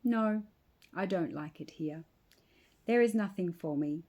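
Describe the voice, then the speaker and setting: A woman's voice: lowish voice, measured pace, warm tone. A woman voicing a young Greek village man, an earnest lovesick suitor who talks in a pleading, insistent way.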